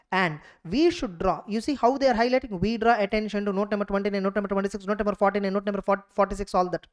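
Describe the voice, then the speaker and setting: Woman, Indian English accent, slightly high voice; exam-coaching tutor, repetitive, rhetorical questions. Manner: repeats phrases, asks rhetorical questions. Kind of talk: exam revision lecture.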